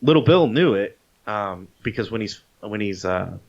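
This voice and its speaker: Male podcast co-host, lowish voice, casual profane storyteller, dull lo-fi audio. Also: moderate pace. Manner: animated storyteller, swears freely, acts out quotes. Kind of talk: casual chat retelling a movie.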